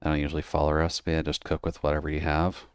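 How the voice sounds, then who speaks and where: Male streamer, very low and smooth, rambling chat with frequent laughs. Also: completely flat delivery, racing, no echo, studio quality. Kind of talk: casual chat while gaming.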